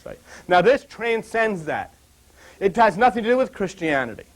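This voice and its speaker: Older man teaching, high and animated. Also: moderate pace. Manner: animated, digressive storyteller. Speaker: Bible teacher. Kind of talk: rambling anecdotal Bible talk.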